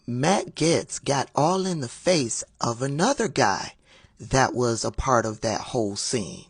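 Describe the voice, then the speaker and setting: A woman giving casual political commentary in a sassy, drawn-out way, laughing at her own remarks. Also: very deep voice, breathy edge, dry recording, studio quality.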